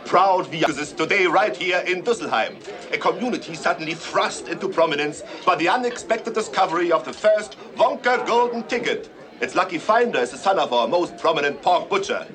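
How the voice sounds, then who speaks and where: An actor playing a proud, pompous German television reporter in a 1970s film clip, with a German accent and a declamatory delivery. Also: male voice, a little high, lively intonation, brisk, a crowd in the background, lightly acted.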